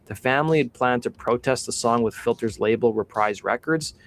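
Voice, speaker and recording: A man co-hosting a live show, telling a prepared story in a steady, measured way. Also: medium pitch. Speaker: co-host.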